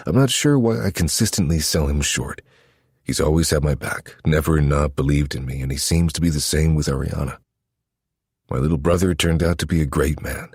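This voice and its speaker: A man narrating a first-person romance story in a low, intimate, steady manner. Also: fairly quick, slightly rough, no echo, studio quality. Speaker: audiobook narrator.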